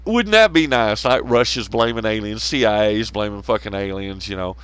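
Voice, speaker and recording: A man's voice: on the low side, normal speed, a bit bright, smooth. A man hosting a podcast, ranting casually and sarcastically, swearing constantly and laughing at his own jokes. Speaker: podcast host. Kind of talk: profane casual rant.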